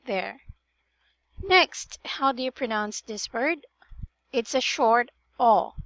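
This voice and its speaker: Woman, pronunciation tutor, unhurried, corrective, somewhat muffled call audio. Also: fairly high pitch, expressive, a bit bright, no room sound. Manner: patient, drills words and corrects vowels. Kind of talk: online one-on-one tutoring.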